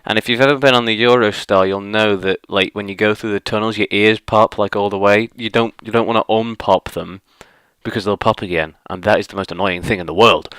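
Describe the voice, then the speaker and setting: A man's voice: on the low side, steady tone, fairly quick, a bit bright, smooth, no echo, clean studio sound. A man from northwest England, ranting casually as a vlogger, rambling and exasperated with many fillers.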